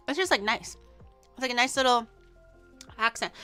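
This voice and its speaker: A young woman from Canada, chatting casually on a stream while tasting snacks, excitable and swearing lightly. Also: on the high side, a little slow, pauses often, smooth, soft background music.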